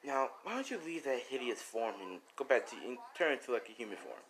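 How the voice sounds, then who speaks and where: A man voicing a gentle but firm young woman in a told story, speaking softly and coaxingly. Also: medium pitch, sing-song, a little fast, low-quality recording.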